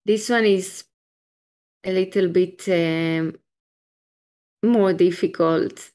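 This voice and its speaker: A woman leads a Hebrew class on a video call. Her voice sits a little low and she speaks slowly and patiently. She sounds out each letter step by step and praises her students' answers. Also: fairly even intonation, darkish tone. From Israel. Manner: patient, encouraging, explains step by step with restarts. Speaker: Hebrew teacher. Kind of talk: live online language class.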